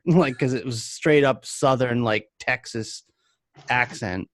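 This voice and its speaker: A man's voice: medium pitch, slow pace, no room sound. A man hosting a casual chat, telling rambling shop anecdotes with lots of fillers. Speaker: podcast host and vape shop worker.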